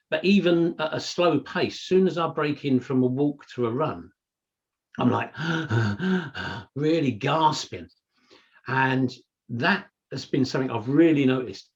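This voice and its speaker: A man's voice: medium pitch, expressive, slow, lo-fi sound. A man co-hosting a podcast, chatting casually and telling stories full of "you know". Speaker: podcast co-host. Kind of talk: casual chat.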